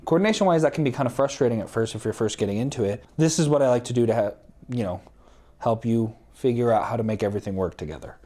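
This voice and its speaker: Breathless, hurried young-sounding drummer man. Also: mid-range voice, mellow. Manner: hurried, casual, counts beats aloud. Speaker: drummer giving tips. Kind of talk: casual drum lesson.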